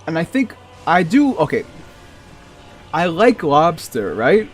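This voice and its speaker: A man with a New England accent rambles through casual chat as he plays, often chuckling. His slightly high voice moves at an unhurried, drawn-out pace. Faint game music sits behind him. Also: sing-song. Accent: New England (Massachusetts). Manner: rambling, chuckling, chatty asides. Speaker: streamer. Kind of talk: casual chat while gaming.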